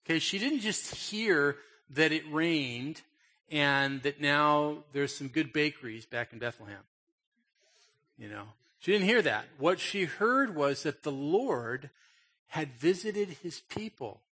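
A male preacher with a somewhat high voice works through a scripture passage. He stresses points emphatically and keeps it conversational, checking in with his listeners as he goes. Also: expressive, takes it slowly, bright, forceful tone. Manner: emphatic, conversational, asks "okay?". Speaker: pastor. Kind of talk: sermon with scripture reading.

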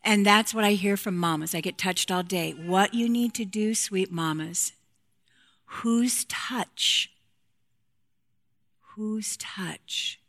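A woman's voice: mid-range voice, normal speed, few pauses, a bit bright. A woman speaking frankly to a women's group about marriage and intimacy, playful and direct, acting out quotes from couples.

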